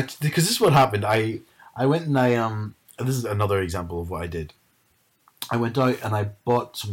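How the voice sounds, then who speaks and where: A man, chatting casually and animatedly retelling a story. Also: on the low side. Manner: animated storyteller, mimics his mum.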